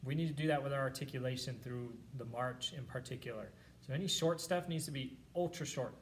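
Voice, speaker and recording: A man's voice: medium pitch, fairly quick, a bit bright, slight background noise. A man teaching a band practice lesson, patiently explaining and counting and singing rhythms aloud to demonstrate. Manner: patient, encouraging instruction.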